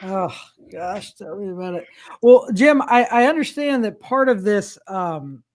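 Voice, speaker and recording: Older guy, pretty high voice, rambly sports banter, wry. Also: expressive, a little slow. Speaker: podcast co-host. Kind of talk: casual sports chat.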